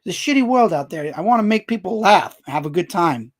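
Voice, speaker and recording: A man hosting his own live stream, talking loudly and joking as he answers viewers' comments. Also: high-pitched, fairly quick. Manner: loud, animated, jokey, answers chat comments aloud. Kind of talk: casual live-stream chat.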